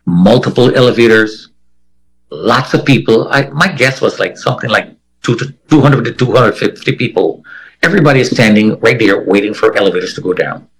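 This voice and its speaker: A man's voice: mid-range voice, animated, brisk, fairly bright tone, husky, rough recording. A man giving a first-person account in an interview, vividly acting out the voices of the people he quotes. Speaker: interviewee telling a personal story.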